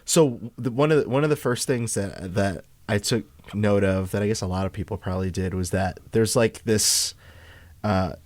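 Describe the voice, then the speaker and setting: A man's voice: fairly low pitch, normal speed, darkish tone, no echo. A man co-hosting a podcast, talking through a film in casual chat, rambling and full of fillers and restarts. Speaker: podcast co-host.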